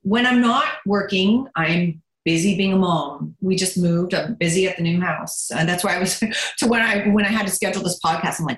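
A middle-aged actress chatting as a podcast guest, animated and quick to laugh, turning soft and quiet when she talks about her children. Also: fairly low pitch, echoey room, rough recording. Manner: animated, laughs a lot, swings between giddy and soft. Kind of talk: casual interview chat.

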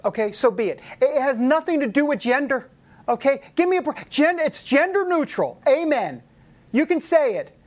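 A man's voice: very high-pitched, big pitch swings, normal speed. A man hosting a casual talk show, joking and teasing in an incredulous tone. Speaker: host. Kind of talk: casual chat.

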